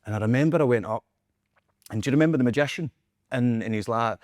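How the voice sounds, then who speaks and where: A Scottish man tells animated, self-mocking anecdotes at a brisk, quick pace. His voice sits at an everyday middle pitch. The recording is dry and close, with no room echo. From Scotland. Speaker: guest performer. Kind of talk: storytelling in casual chat.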